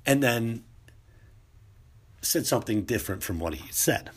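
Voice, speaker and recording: A man's voice: low voice, animated, slow pace, pauses often, slightly rough. A man ranting in a casual, profane monologue, rambling with many restarts.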